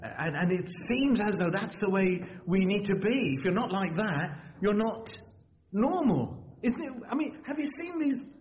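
Lively, animated male preacher, lo-fi. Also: high-pitched, unhurried. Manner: lively, conversational preaching with frequent restarts. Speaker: visiting preacher. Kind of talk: sermon. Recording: dull lo-fi church recording with faint hiss.

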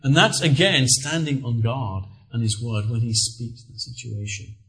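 Guy preaching, middle-aged, earnest storyteller, mid pitch voice. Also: normal speed, vocal fry, rough recording. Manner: earnest storytelling with lively emphasis. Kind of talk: sermon.

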